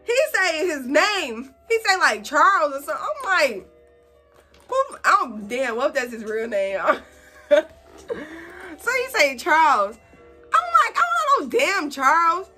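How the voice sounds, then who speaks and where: A young woman vlogger telling a casual story while doing her makeup, animated and slangy, acting out quotes in a higher voice. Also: a little slow, pauses often, soft background music. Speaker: beauty vlogger.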